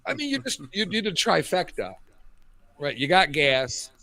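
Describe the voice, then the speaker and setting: Man, fifties, lively pitch, crude storyteller, cheap headset mic, casual chat. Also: moderate pace. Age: 50s. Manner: animated storytelling, crude jokes. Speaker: radio show co-host.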